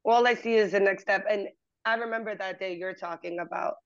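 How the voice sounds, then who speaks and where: A woman's voice: medium pitch, fairly even intonation, fairly quick, dry recording. A woman podcast host in a conversational interview, reflective and encouraging. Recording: dull, lo-fi sound.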